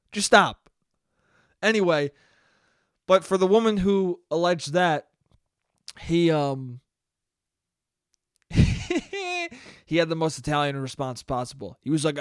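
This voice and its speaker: Guy doing a sweary comedy podcast rant by himself, kinda high smooth voice, dry sound. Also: fairly bright tone, dry recording. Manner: profane, ranting, laughs at own jokes. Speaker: podcast host. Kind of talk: solo comedic monologue.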